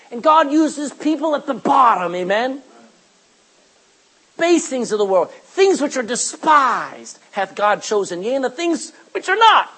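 A middle-aged male preacher giving a lively sermon, reading scripture and acting out everyday asides. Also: very high voice, rough recording.

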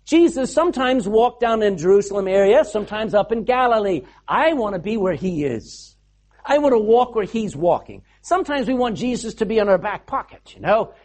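A preacher delivering a sermon, the voice rising and falling with a very lively, expressive pitch. The delivery is casual and storytelling, with frequent rhetorical questions to the listeners. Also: normal speed. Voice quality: animated storyteller, asks the congregation rhetorical questions.

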